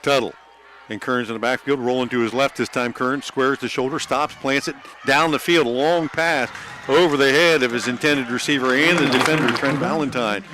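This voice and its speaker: A man giving play-by-play for a high school football game, calling each snap quickly and joking like an auctioneer. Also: fairly even intonation, sharp tone. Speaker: play-by-play announcer.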